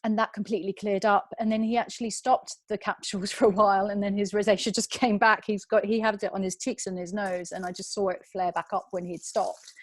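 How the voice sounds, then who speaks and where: A woman's voice: mid-range voice, a little mellow, dry recording. A woman in her thirties, a guest telling a personal story on a video call, hesitant and emotional.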